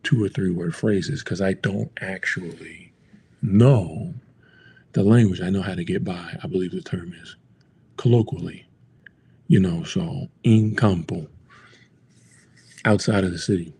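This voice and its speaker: An American man with a low, creaky, mellow voice talks a little slowly and pauses often, over a little hiss or hum. He's teaching travel Spanish to the camera in a casual, rambling way, saying "like" and "you know" a lot.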